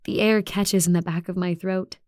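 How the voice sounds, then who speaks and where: A woman reading a first-person audiobook in a soft, intimate way, with quiet passages. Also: lowish voice, steady tone, normal speed, dry recording, clean studio sound. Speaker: audiobook narrator.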